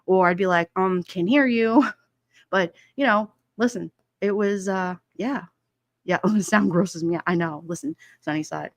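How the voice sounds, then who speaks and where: A woman's voice: lowish voice, a little slow, no room sound. Chatty woman. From Brooklyn, New York. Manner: chatty, laughs often, many fillers. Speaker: livestream host. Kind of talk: casual chat reading viewer comments. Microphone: headset mic with headphones.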